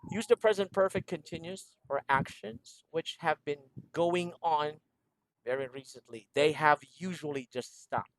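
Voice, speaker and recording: Brief: man, online English teacher, slightly high voice, patient, repeats himself, close dry sound. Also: unhurried, no room sound. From Philippines. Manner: patient, repeats instructions, laughs often. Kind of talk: online one-on-one English lesson. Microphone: video call.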